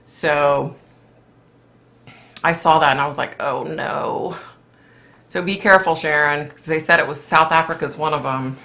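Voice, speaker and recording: A middle-aged woman from Philadelphia hosting a casual psychic livestream, chatting with viewers in a blunt, animated way and swearing freely. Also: deep voice, a little slow, long pauses. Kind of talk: casual livestream chat reading comments.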